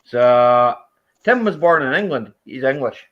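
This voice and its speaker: A Scottish man hosting a casual chat stream, rambling and animated, often restarting his sentences. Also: mid-range voice, measured pace. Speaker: livestream host. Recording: dull lo-fi stream audio.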